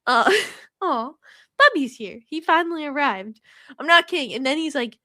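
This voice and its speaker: Bright, high-voiced woman laughing while retelling. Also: lively intonation, moderate pace, no room sound, studio quality. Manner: laughing, mocking plot retelling. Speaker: podcast co-host. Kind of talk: casual chat.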